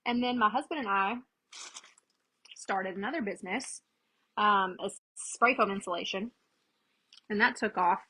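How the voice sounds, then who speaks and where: Chatty woman with a bright voice. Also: medium pitch, normal speed, pauses often, a little hiss or hum, low-quality recording. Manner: chatty, greets viewers by name while working. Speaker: craft livestream host. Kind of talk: casual live crafting demo.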